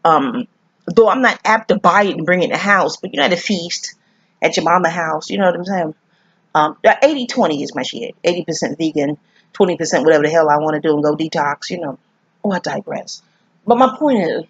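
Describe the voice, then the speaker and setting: A woman's voice: on the low side, animated, brisk, slightly rough, dry recording. A groggy woman from New York rambling through a movie review, profane and digressive. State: groggy, sleepy. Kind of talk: rambling casual monologue. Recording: slightly dull, dry recording.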